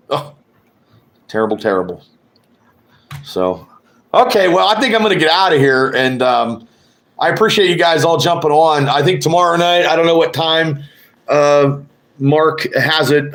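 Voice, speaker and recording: A man's voice: medium pitch, fairly bright tone. A man hosting a casual live sports podcast, rambling and swearing as he trash-talks rival fans. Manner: rambling, profane, trash-talking. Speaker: podcast host. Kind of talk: casual live-stream chat.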